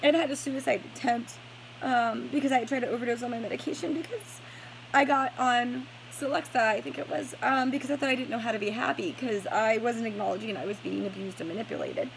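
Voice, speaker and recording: Woman talking to camera, stops and restarts a lot, swears flat out, little hiss behind. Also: on the high side, vocal fry, poor audio. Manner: halting, many fillers and restarts, blunt swearing. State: headache, stressed. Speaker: survivor telling her story. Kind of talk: personal storytelling to camera.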